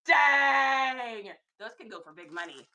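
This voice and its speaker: A young woman hosting a reseller livestream, chatting excitedly with her viewers about thrift finds. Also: fairly high pitch, normal speed, highs cut off. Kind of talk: casual livestream chat.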